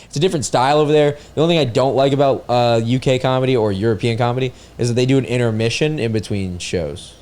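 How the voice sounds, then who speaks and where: A man's voice: mid-range voice, quick pace, few pauses, a little mellow. A man hosting a casual chat with fellow comedians, rambling and repeating words as he thinks aloud. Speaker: podcast host.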